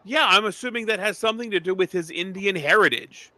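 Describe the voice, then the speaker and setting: A man in a casual podcast chat who teases and jokes in an animated way. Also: high-pitched, brisk, no echo. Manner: joking, teasing, animated.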